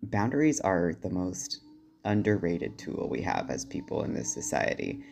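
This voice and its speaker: A man with a deep voice leaving a firm, deliberate voicemail for a podcast. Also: very animated, creaky, darkish tone. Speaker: voicemail caller. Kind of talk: recorded voicemail monologue.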